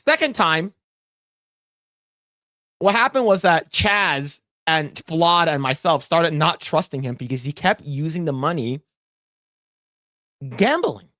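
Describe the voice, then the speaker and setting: On a podcast, a man with a voice on the high side and a sharp tone tells a rambling gaming tale slowly, with long pauses, yet stays animated. Lots of fillers and laughter mark this casual storytelling. The recording is dry and clean studio sound.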